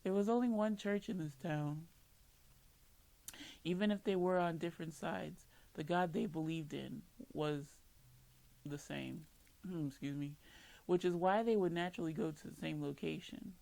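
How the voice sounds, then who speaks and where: A woman's voice: fairly low pitch, moderate pace, vocal fry, warm tone. A woman reading visual novel narration aloud, often tripping over words and correcting herself. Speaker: game streamer reading dialogue aloud. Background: game music.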